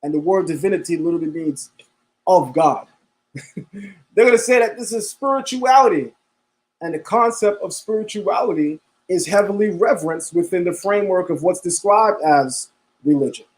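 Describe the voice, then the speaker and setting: A man's voice: sits high, lively intonation, moderate pace. A man hosting a live stream, talking casually, repeating himself and calling his viewers family. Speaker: livestream host.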